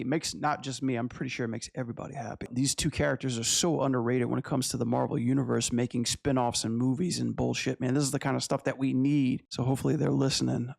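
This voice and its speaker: A man hosting a casual animation review, excitable and full of profane slang. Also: mid-range voice, vocal fry, dry recording. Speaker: animation reviewer, channel host.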